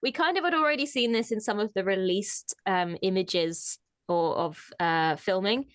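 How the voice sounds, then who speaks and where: A woman's voice: medium pitch, moderate pace, no room sound, clean studio sound. A woman co-hosting a casual fan discussion, often laughing mid-sentence as she talks through news. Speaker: co-host. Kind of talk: casual chat.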